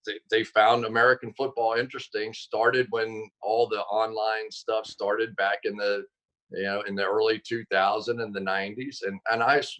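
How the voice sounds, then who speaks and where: A man, a football analyst guest on a sports talk show, telling stories casually and acting out quotes with sudden jumps in pitch. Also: a bit bright, rough recording.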